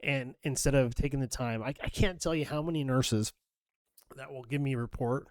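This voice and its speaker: Middle-aged man, profane animated storyteller. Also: medium pitch, normal speed, no echo, studio quality. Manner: animated storyteller, swears freely, acts out quoted dialogue. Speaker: nurse and podcast co-host. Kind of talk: casual podcast storytelling.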